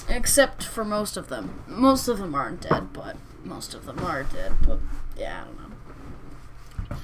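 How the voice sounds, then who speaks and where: A woman's voice: fairly low pitch, sing-song, a little slow, a little hiss or hum, rough recording. A woman hosting a let's-play, commenting casually on her strategy game in a rambling, hesitant way that keeps correcting itself. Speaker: gaming channel host.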